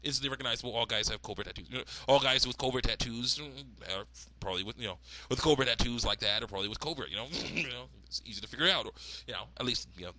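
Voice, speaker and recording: A man's voice: medium pitch, racing, pushed and bright, low-quality recording. A man giving casual, rambling commentary as a cartoon fan, laughing often. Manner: rambling, with frequent laughs and fillers.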